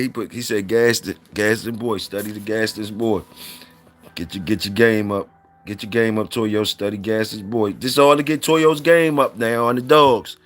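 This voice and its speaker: A man's voice: lowish voice, fairly even intonation, moderate pace. A man hosting a casual livestream, reading out viewer comments and saluting people in a loose, repetitive drawl.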